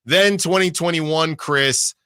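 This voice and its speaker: Radio sports guy going thru team records, bright forceful voice, dry booth mic. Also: fairly high pitch, slow pace, clear, resonant tone, no echo. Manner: reads out records, self-checking. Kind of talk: casual sports talk.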